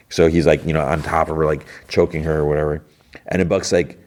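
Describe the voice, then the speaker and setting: A man's voice: extremely low pitch, flat delivery, fairly quick, a little mellow. A man hosting a podcast, casually retelling a TV episode scene by scene, full of "like" and sarcastic asides. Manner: retells scenes with quoted dialogue, lots of "like". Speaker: podcast host.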